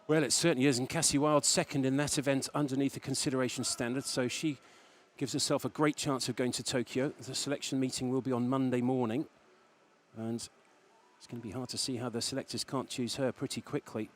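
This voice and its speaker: A man's voice: medium pitch, flat delivery, fairly quick, slight background noise. A man doing enthusiastic, exclamatory swimming commentary. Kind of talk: sports commentary.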